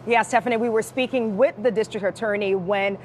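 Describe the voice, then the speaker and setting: A woman's voice: mid-range voice, steady tone, fairly quick, slight background noise. Woman field reporter, live news.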